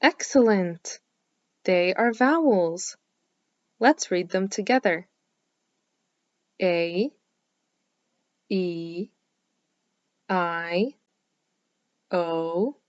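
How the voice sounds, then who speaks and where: Woman, kindergarten teacher, very slow, encouraging, stretched-out vowels, dry close sound. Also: medium pitch, lively intonation, darkish tone, no room sound, highs cut off. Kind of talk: slow, clearly enunciated lesson for young children.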